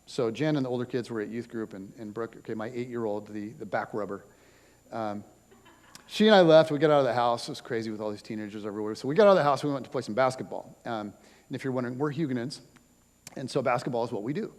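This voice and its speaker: A man's voice: medium pitch, fast. A middle-aged man preaching a conversational sermon, casual and chatty with lots of fillers and wry jokes. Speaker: pastor. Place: church auditorium. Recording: long hall reverb from a church sanctuary.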